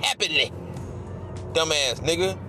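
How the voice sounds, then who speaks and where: A man hosting his podcast, delivering a heated, profane rant that keeps bursting into shouts. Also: a little high, lively intonation, measured pace, music in the background. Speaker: podcast host.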